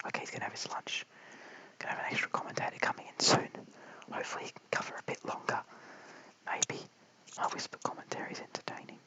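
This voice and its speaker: An Australian man giving whispered cricket commentary late at night at home, mic held very close, hushed and apologetic as he chats with viewers. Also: quick pace, rough recording. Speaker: live stream cricket commentator. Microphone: held very close to the mouth.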